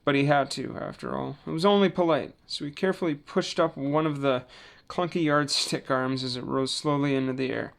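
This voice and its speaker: A man reading a children's book aloud in a relaxed way, with small slips and self-corrections. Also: medium pitch, a little fast, creaky. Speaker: storybook reader.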